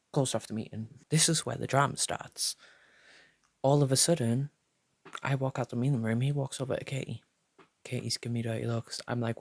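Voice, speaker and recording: Animated, swearing young man. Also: mid-range voice, fairly quick, gravelly, no echo, studio quality. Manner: animated, profane, acts out quotes in voices. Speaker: vlogger. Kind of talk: storytime vlog.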